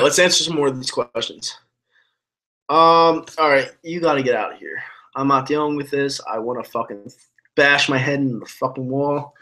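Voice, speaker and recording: Profane ranting young man, bright voice. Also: on the high side. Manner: angry, profane, rambling with restarts. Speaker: sports fan streamer answering chat. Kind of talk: ranting live stream commentary.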